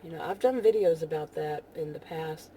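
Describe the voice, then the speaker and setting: A woman with a Texan accent rambling casually in a vlog while driving, full of "you know" fillers and soft laughs. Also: low-pitched, moderate pace, a little hiss or hum. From Texas. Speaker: vlogger.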